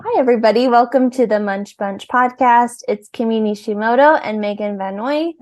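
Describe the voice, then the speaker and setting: A woman's voice: on the high side, moderate pace, darkish tone, soft background music. A woman co-hosting a podcast, welcoming listeners and chatting in a cheerful, giggly way. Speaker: podcast co-host. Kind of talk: casual podcast intro and chat.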